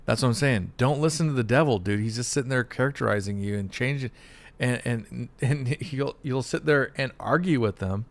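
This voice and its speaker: A man's voice: medium pitch, moderate pace. Rambling, slangy male game streamer. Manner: rambling, slangy, calls listeners dude and bro. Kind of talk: casual gameplay commentary.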